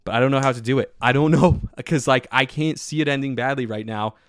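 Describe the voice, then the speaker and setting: A man talks through a solo sports podcast, excitable and rambling, full of filler words. His voice sits at an ordinary pitch. The recording is dry and close, with no room sound. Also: brisk, smooth, no echo. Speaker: podcast host.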